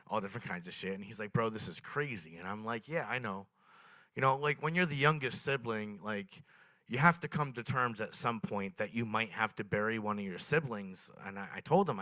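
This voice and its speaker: Young male stand-up comic, bright forceful voice, dry close sound, dark deadpan storytelling. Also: lowish voice, no echo. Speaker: stand-up comedian. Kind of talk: stand-up comedy set. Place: small open mic venue.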